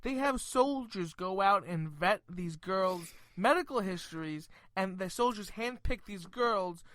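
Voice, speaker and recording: A man's voice: sits high, expressive, unhurried, fairly bright tone, dry recording. A man co-hosting a comedic radio talk show, chatting and laughing as he relays odd news stories. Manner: chatty, laughs mid-sentence while telling stories.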